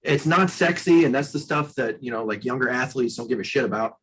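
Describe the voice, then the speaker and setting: A man's voice: medium pitch, a little fast, fairly bright tone, slight background noise, rough recording. A man, a strength coach guest on a podcast, talking bluntly and emphatically and swearing freely. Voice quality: husky. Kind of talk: podcast interview.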